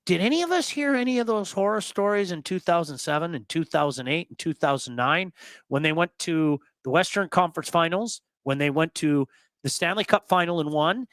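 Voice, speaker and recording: Animated, blunt man hosting hockey talk. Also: on the high side, brisk, no echo. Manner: animated storyteller, repeats words for emphasis; blunt, swears. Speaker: hockey talk show host. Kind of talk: casual sports talk.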